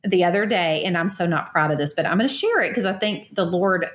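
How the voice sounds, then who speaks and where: Woman, earnest storyteller, animated, fillers and restarts, roomy echoey recording. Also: fairly low pitch, brisk. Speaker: guest. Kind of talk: faith interview, personal storytelling. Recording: roomy echo.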